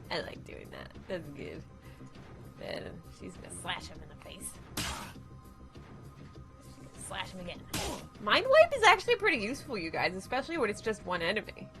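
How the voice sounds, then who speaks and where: Young female streamer, chatty and animated, greets viewers while playing, faint music behind. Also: deep voice, a little slow, gravelly, long pauses. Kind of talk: casual game streaming chat.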